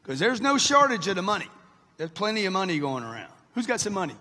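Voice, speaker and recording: Addressing an audience directly in a big hall, a sixties-aged man gives a brash, punchy motivational talk. He sounds high, sing-song, fast, pushed and bright, and the recording carries long hall reverb.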